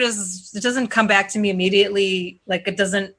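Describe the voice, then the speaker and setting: Bright-voiced Upper Midwest woman. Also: mid-range voice, fairly even intonation. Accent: Upper Midwest American. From Wisconsin, USA. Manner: rambling, halting, many restarts. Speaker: podcast guest. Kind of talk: casual chat.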